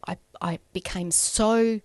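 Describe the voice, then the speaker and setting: A woman, telling a personal story as a podcast guest, halting and emotional with many restarts. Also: medium pitch, steady tone, darkish tone, no room sound, clean studio sound. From Australia.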